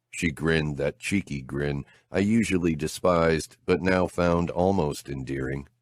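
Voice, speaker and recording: A man narrating a first-person audiobook in a slow, measured, intimate delivery. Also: a bass voice, fairly even intonation, no echo, clean studio sound.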